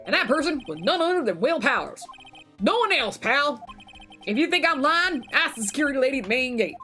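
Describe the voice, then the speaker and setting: A woman voicing a gruff, bumbling male police detective with a put-on Southern drawl, blustery and full of "pal". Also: high voice, very animated, brisk, sharp tone, soft background music, heavily acted. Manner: blustery, says "pal" a lot.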